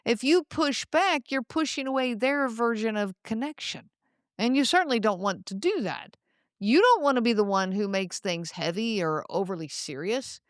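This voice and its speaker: A woman hosting a solo podcast, speaking in a calm, reflective way and addressing the listener directly. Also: fairly high pitch, normal speed, dry recording, clean studio sound. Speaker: podcast host.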